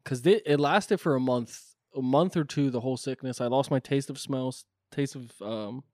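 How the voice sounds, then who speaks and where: A man's voice: mid-range voice, normal speed, darkish tone, no room sound, studio quality. A man telling a story in a casual podcast chat, full of fillers and cursing. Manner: rambling, filler-heavy storytelling.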